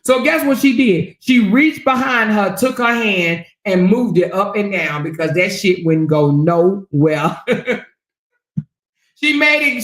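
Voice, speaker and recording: A woman's voice: on the high side, a bit bright. A woman hosting a gossip commentary livestream, talking in a brash, profane, mocking way. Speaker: livestream host. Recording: roomy echo.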